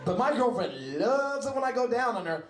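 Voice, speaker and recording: A man's voice: very high voice, expressive, brisk, faint music behind. A man performing a brash, profane stand-up comedy set in a small comedy club. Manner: brash, profane, mimics other people's voices. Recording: echoey club with loud noise. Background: audience laughter.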